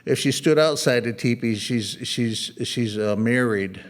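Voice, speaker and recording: A man's voice: mid-range voice, a little slow. A middle-aged man from the United States, an artist talking casually at an art museum about his photographs, rambling and anecdotal, with frequent restarts and a joking tone. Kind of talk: casual gallery talk.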